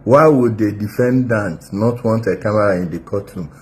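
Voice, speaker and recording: A man's voice: lowish voice, moderate pace, a little mellow. Scornful male commentator. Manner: scornful, hesitant with fillers. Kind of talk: political commentary.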